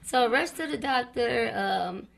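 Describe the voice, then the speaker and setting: A woman's voice: fairly high pitch, a little slow, gravelly. A woman in her twenties, a guest on a talk show, giving a personal testimony and animatedly acting out what she and others said. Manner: animated storytelling, acting out her own past words.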